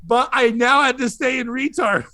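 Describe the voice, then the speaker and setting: A comedian telling a rowdy story on a podcast, laughing through it. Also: male voice, very high voice, fairly even intonation, normal speed, pushed and bright. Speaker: comedian guest.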